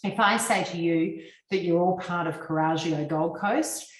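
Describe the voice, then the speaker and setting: A woman's voice: lowish voice, unhurried, reverberant, low-quality recording. Australian woman presenting over a video call. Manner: fluent, instructive, with frequent ums. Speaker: guest speaker on personal branding. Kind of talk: presentation to a business audience.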